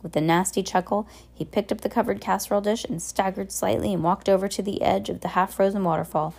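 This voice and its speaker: A woman reading a novel aloud in a plain, unhurried storytelling manner. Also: medium pitch, steady tone, creaky, a little mellow. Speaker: reader.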